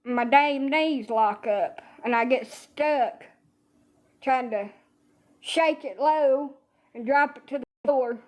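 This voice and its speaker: Profane high-voiced woman ranting. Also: slow pace. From Alabama. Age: 30s. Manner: profane, exaggerated complaining storytelling. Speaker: social media streamer. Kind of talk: casual comedic rant.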